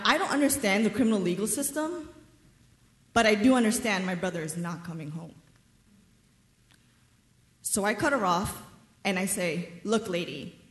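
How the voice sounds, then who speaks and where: A woman in her thirties from New York telling a personal story on a theater stage, measured and wryly funny. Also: mid-range voice. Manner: wry, measured storytelling with dry humor. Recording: roomy theater reverb.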